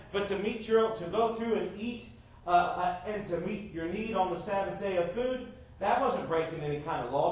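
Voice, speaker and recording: A man's voice: high-pitched, a little mellow. A man preaching a sermon as pastor, emphatic, often asking the congregation rhetorical questions. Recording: far-off echoey church recording.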